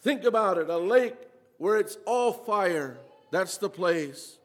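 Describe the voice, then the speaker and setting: High-voiced man preaching in an echoing hall. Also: expressive. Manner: earnest, repeats phrases, slows for emphasis. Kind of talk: sermon.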